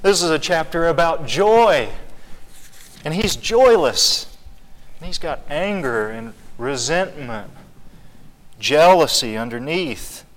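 A man's voice: a little high, lively intonation, takes it slowly, pauses often. Man, Bible study teacher, conversational, quizzing the group, long echo of a hall. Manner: asks the group questions, conversational.

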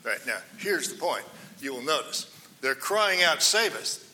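Guy preaching a bible lesson, slow and deliberate, real bright tone, big hall echo. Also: mid-range voice, expressive. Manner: dramatic, swings between loud quoted cries and hushed asides. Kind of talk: sermon, Bible teaching. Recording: long hall reverb.

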